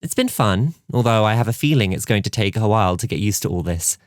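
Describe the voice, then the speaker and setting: A man's voice: lowish voice, animated, quick pace, no room sound, clean studio sound, close to an everyday voice. A man voicing a curious, slightly shy young woman newcomer in an audiobook. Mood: earnest.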